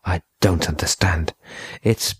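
A man playing a driven adult male explorer who speaks in a hushed, urgent way. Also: sits low, steady tone, takes it slowly, slightly rough, dry recording, full character voice.

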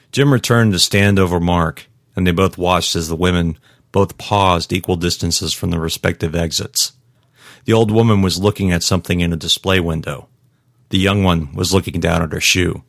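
Deep-voiced male story narrator. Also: vocal fry, no echo, clean studio sound. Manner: steady, measured storytelling. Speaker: audiobook narrator. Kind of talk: scripted narration.

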